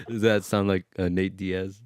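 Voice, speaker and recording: A man's voice: low-pitched, steady tone, slow, a little mellow, clean tone, dry recording, studio quality. A man co-hosting a casual podcast, laid-back and laughing often as he chats. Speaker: podcast co-host. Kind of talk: casual chat.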